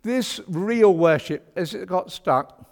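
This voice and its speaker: A man delivers a sermon in a chatty, wry way, pressing hard on his key points. His voice runs somewhat high for a man. The church around him adds a long, hanging reverb. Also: animated, slow pace, a little mellow. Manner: chatty, wry and emphatic, with homely British turns of phrase. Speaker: preacher.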